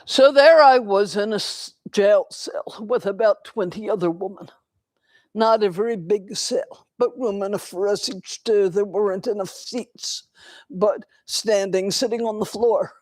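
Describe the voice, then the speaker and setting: An older woman giving a dharma talk in a temple, telling a personal story in a slow, reflective way with pauses. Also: medium pitch, a little mellow, no echo. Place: temple hall.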